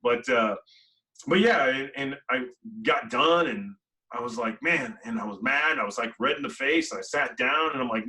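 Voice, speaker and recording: A man recounts his experiences as a podcast guest, animated and chatty, using plenty of fillers and acting out the dialogue. His voice has a bright, forceful edge. He sits slightly back from the microphone. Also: medium pitch, normal speed, recorded from a distance, poor audio. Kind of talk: conversational storytelling.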